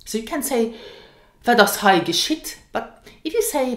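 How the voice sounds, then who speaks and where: A woman teaching a language lesson, speaking slowly and carefully and repeating each example phrase. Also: a little high, big pitch swings, a bit bright, echoey room.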